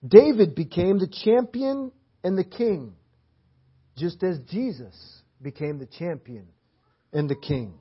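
Here a slightly rough, high-sitting male voice delivers a slow sermon in a church hall, his intonation lively. Emphatic, repetitive phrasing hammers each point home. It comes through as dull lo-fi sermon audio.

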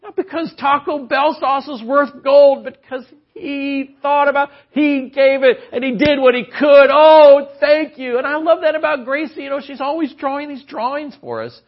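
A man preaching a conversational sermon in church, animated, swinging between loud exclamations and hushed asides. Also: very high-pitched, moderate pace, few pauses. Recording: dull lo-fi audio.

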